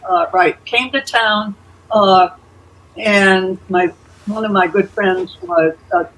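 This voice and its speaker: An elderly woman, a storyteller guest, chats casually on a video call in a mid-range voice, taking it slowly. She tells warm anecdotes with chuckling asides and frequent "uh"s and "you know"s. The audio is poor.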